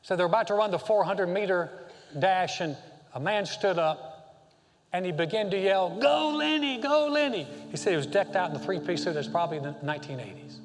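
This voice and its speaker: A male senior pastor preaching a sermon, impassioned, moving between loud exhortation and hushed tender passages. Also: sits high, brisk, faint music behind. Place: church sanctuary. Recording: long hall reverb.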